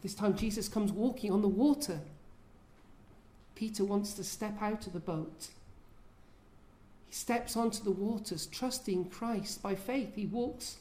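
A woman's voice: medium pitch, measured pace, long pauses, dark tone. A woman preaching a sermon in an earnest way, often asking her listeners questions.

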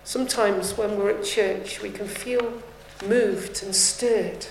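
A woman's voice: a little high, lively intonation, slow, slight background noise. A woman preaching a sermon, earnest and rising to fervent appeals. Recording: echoey room.

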